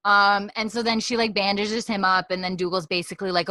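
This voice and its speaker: A woman co-hosting a podcast, recapping a TV episode in casual chat and acting out the characters' lines in quick put-on voices. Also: mid-range voice, flat delivery, sharp tone, no echo. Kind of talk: casual chat, animated retelling.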